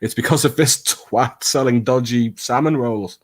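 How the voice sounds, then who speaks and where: A man's voice: medium pitch, no echo. Sardonic man bantering. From England. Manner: sardonic, swears, quick asides. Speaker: co-host. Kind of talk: casual banter.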